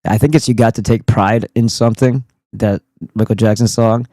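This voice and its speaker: A man's voice: fairly low pitch, steady tone, normal speed, mellow, no echo. A man hosting a casual livestream, talking in a goofy, profane and rambling way. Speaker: streamer host.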